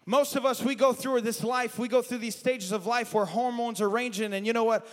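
A man preaching a sermon in a church, moving from hushed, confessional talk to shouted appeals. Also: very high-pitched, steady tone, a little fast, hardly any pauses. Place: church sanctuary. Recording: long hall reverb.

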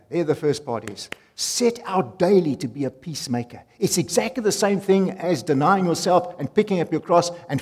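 A man preaching a sermon, emphatic, repeating key phrases and swinging from loud to soft. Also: high-pitched, slightly rough. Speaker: pastor. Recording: long hall reverb.

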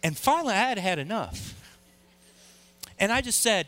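A middle-aged man preaching a sermon, telling a personal story with lively, acted-out quotes. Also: sits high, normal speed, long pauses. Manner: animated storyteller, acts out quoted voices. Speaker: pastor.

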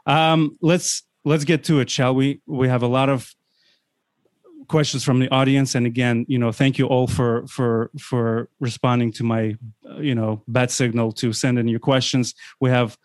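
Man, podcast host, casual rambling chat, mid pitch, dry close sound. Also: normal speed, no echo. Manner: energetic, rambling with restarts.

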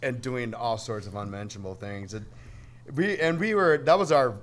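A man's voice: mid-range voice, expressive, normal speed, a bit bright. A man in a band, chatting as a podcast guest and describing a wild festival in blunt, crude terms. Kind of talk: casual chat.

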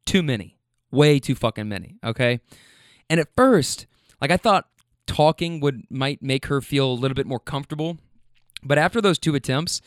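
In a clear, resonant, medium-pitched voice, a rideshare driver casually tells tales from his rides, swearing freely and speaking right to the listener. The studio sound is clean with no echo.

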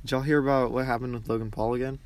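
A man hosting a casual podcast, talking haltingly with many restarts. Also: mid-range voice, level tone. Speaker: podcast host. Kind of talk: casual chat.

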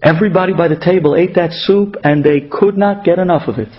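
A man with a high voice delivers a religious talk through stories. He animates the people in his tales as he goes, and the recording is dull and lo-fi. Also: a little fast. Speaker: inspirational speaker.

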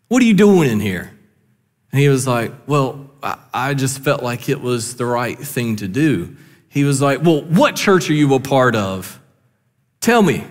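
A man's voice: mid-range voice, in a large hall. A male pastor preaching a sermon, telling a story vividly and acting out the voices of the people in it.

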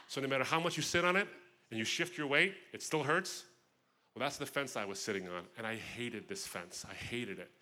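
A man giving a personal testimony talk at a festival, telling his story with expressive, vivid asides. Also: mid-range voice. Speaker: guest speaker.

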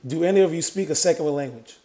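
A man's voice: on the high side, fast talker, warm tone. A man co-hosting a podcast, joking and teasing the others in casual banter. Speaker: podcast co-host.

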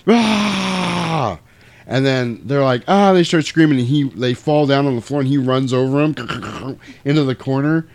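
Animated man retelling a movie, dry mic. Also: mid-range voice, normal speed, smooth, no echo. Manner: animated storytelling, acts out quotes, swears freely. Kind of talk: casual movie recap chat.

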